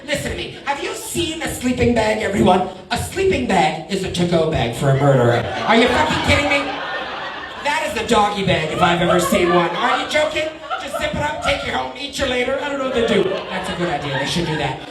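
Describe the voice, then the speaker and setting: Animated Canadian-born woman doing stand-up. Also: mid-range voice. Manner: animated, rapid asides, sudden loud outbursts, swears. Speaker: stand-up comedian. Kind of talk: stand-up comedy set. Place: comedy club stage. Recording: echoey room with crowd laughter. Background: audience laughter.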